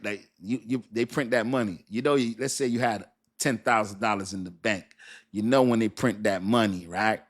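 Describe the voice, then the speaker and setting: A man hosting a casual livestream, chatting loosely, laughing often and answering his chat. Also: fairly low pitch. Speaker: crypto livestream host.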